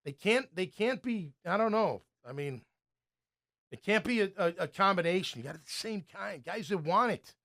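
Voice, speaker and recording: High-voiced ex-player sports talk host. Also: male voice, moderate pace. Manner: animated storyteller, acts out coaches' yelling.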